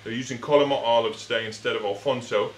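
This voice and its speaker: A man's voice: mid-range voice, fairly even intonation, fast. Man hamming a comic accent while cooking. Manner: hammy put-on comic accent; chatty step-by-step instructions. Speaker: cooking show host. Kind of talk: home cooking demonstration. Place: home kitchen. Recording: echoey kitchen with background noise. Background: sizzling and clattering pans.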